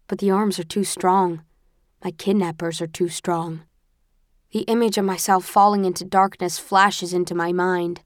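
A woman narrating a first-person audiobook with a tense, expressive storytelling manner. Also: fairly low pitch, no room sound, clean studio sound.

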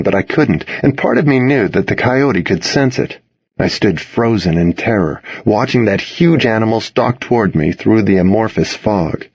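A man reading a dramatic first-person story aloud, expressive in his delivery. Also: fairly low pitch, slightly rough, dry recording, dull audio. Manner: expressive, voices the other characters in his reading.

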